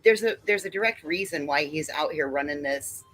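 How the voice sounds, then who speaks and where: A woman with a very low voice talks casually on a livestream panel. She pauses on fillers as she works through her view. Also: a bit bright, faint music behind. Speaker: panel guest. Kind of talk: livestream commentary.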